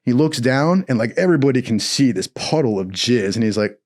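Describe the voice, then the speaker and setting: A man telling a comic story in a casual, profane, animated way. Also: medium pitch, brisk, hardly any pauses.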